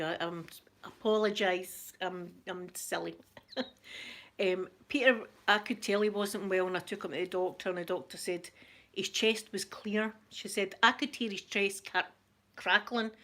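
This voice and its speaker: A middle-aged woman with a Scottish accent tells a personal story to her live viewers in a chatty way. Her voice is at an ordinary middle pitch. She talks animatedly from home, greeting people in between. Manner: chatty, animated retelling with laughter. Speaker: livestream host. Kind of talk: casual storytelling chat.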